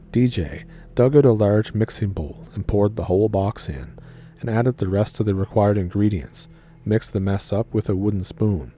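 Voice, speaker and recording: A man with a low, very dark, mellow voice reads a listener's tale in a dry, deadpan way. A faint hiss sits under the recording. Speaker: story narrator. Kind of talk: reading a viewer story aloud.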